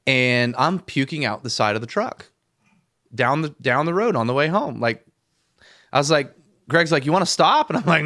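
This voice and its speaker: A middle-aged man chatting on a podcast, voice at a typical pitch for a man. He tells stories with energy and acts out his own lines. The sound is close and dry with no room echo. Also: fairly bright tone, clear, resonant tone. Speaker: podcast guest. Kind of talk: casual chat.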